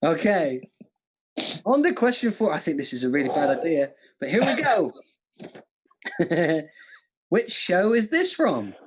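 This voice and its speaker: A man's voice: a little high, very animated, measured pace, long pauses, breathy edge. A man hosting a live quiz, playful and self-mocking, often laughing at his own jokes. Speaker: quiz host. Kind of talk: live-streamed quiz hosting with jokey impressions. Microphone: studio mic with monitors.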